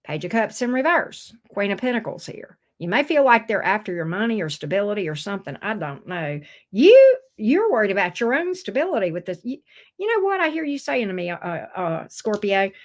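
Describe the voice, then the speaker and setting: A woman's voice: mid-range voice, sing-song, a little fast. A middle-aged woman giving a casual tarot reading, teasing and talking straight to the viewer in a sassy way. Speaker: tarot reader.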